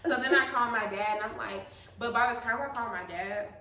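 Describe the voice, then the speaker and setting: A bright-voiced young woman tells stories in a casual chat between moms, acting out every scene and breaking into big laughs. Her voice sits a little high and sounds set back from the mic in an echoey room. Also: a little fast, distant mic. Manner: animated storyteller, acts out scenes with big laughs. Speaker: host.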